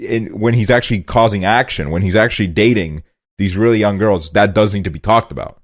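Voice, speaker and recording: A man with a somewhat low voice chats casually on a podcast. He rambles, strings thoughts together with constant fillers, and swears freely as he talks. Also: a little fast. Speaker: podcast host. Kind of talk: casual chat. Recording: quieter guest mic issue noted.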